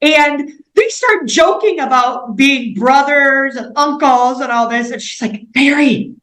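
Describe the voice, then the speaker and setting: Lively woman telling stories, bright pitch. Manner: animated, fast-paced anecdotes with frequent "like". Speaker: missionary guest. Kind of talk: storytelling in an interview. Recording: roomy echoey recording.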